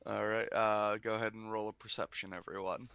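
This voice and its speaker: Bright-voiced tired male game master. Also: fairly low pitch, level tone, fairly quick, vocal fry, lo-fi sound, slight background noise. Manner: laid-back, often laughing. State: tired, yawning. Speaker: dungeon master. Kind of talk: running a tabletop game, casual chat.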